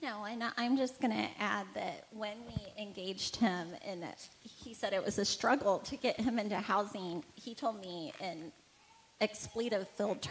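A woman with a gravelly, fry-tinged voice sharing stories from her outreach work, candid and warm. Her pitch sits in the middle range, and faint noise sits under the recording. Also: rough recording. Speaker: homeless outreach worker. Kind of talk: storytelling talk.

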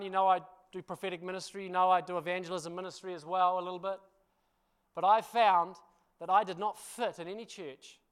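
High-voiced New pastor telling stories. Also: male voice, smooth. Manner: animated storytelling, self-deprecating, laughs often; addresses congregation with frequent "you know" and "hmm?". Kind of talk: storytelling sermon.

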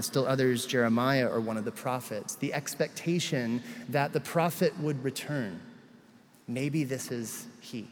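A man's voice: mid-range voice, a little hiss or hum. Man preaching in a reverberant hall. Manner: conversational retelling of scripture with casual asides. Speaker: pastor. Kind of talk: sermon.

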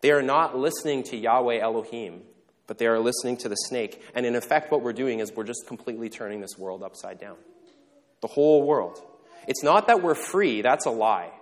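A male pastor delivers his sermon in an easygoing, conversational way, breaking off for jokes and quick questions to the room. His voice sits at an ordinary middle pitch. It carries a long reverb, as if it were recorded in a large church sanctuary. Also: expressive. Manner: casual and joking, with quick asides and questions to the congregation.

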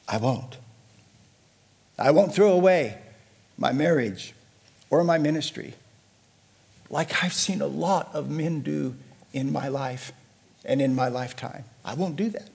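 A middle-aged man preaching with a husky, slightly raised voice that rises and falls widely. He takes his time, stretching his phrases out slowly. His delivery swings between hushed, low passages and loud, emphatic declarations. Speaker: pastor. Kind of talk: sermon.

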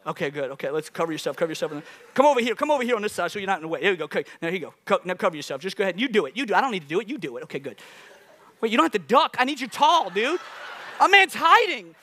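A pastor delivers a sermon with a high, bright voice. He is animated and jokes with the congregation as he makes his points. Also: very fast. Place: church.

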